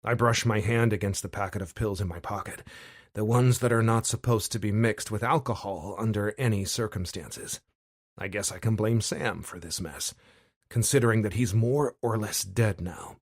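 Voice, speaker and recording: A man reads a first-person thriller audiobook with a measured, wry delivery. His voice sits on the low side, and he keeps the narration steady and controlled. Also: no room sound, studio quality.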